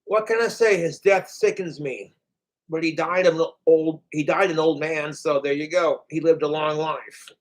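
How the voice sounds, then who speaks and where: A man's voice: a little high, fairly even intonation, normal speed. Rambling, cursing man vlogging to camera. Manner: rambling, cursing, groaning and sighing. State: in pain from a hurt toe. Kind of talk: casual rambling vlog to camera.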